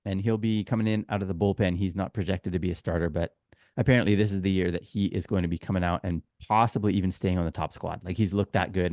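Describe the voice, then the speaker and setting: Low-voiced Canadian man hosting a chat. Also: darkish tone, dry recording, studio quality. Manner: chatty, joking, opinionated. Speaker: podcast co-host. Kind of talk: casual podcast chat.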